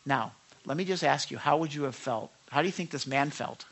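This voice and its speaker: A man's voice: a little high, fairly quick, creaky. A man preaching a conversational sermon, asking the congregation questions and acting out quoted lines. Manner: acts out quoted lines with lively voices. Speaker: pastor.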